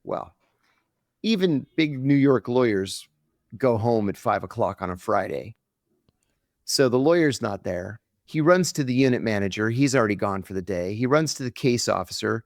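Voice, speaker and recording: A middle-aged man, a podcast guest, telling a story with lively acted-out quotes on a close mic. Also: medium pitch, moderate pace, no echo.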